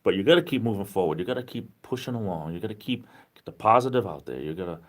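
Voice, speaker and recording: A man with a Rhode Island accent hosts a relaxed livestream, his voice sitting somewhat low. He sounds worn out from little sleep yet stays cheerful, wandering from thought to thought and laughing often. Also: fast. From New England. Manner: rambling, upbeat, laughs often. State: tired. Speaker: livestream host. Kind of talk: casual livestream chat reading viewer comments.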